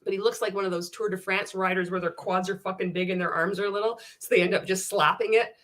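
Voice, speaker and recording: A woman's voice: medium pitch, fast talker. A woman hosting a casual livestream, reading chat comments aloud and mocking a coach, swearing freely and laughing often. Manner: profane, laughing often, animated and teasing.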